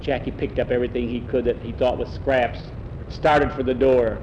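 A man's voice: mid-range voice, steady tone, moderate pace, muffled recording, background noise. Folksy man telling a story. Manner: plain, folksy, repeats "he says" often. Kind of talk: oral storytelling.

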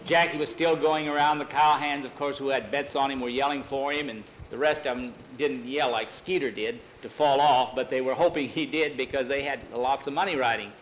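A man's voice: mid-range voice, steady tone, slight background noise, poor audio. Folksy male storyteller. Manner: folksy, unhurried, repeats "he says". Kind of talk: oral storytelling.

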